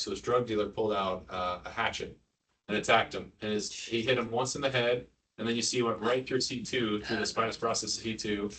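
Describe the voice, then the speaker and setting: A man with a fairly low, sharp-toned voice gives nurses a casual, joking neurosurgery lecture, quizzing the room and throwing in asides. Captured on a distant mic in a hospital lecture room, the audience can be heard murmuring.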